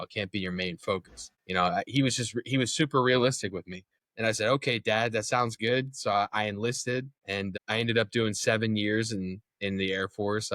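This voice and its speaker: A man's voice: lowish voice, fairly bright tone, no echo. A young man as an interview guest, telling his story in a candid, casual way, swearing freely and acting out what others said.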